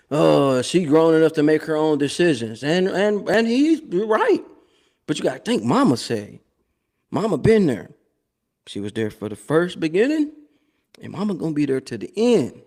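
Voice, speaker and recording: A man, hosting a live show with a casual, animated commentary monologue that repeats phrases and laughs often. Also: a little high.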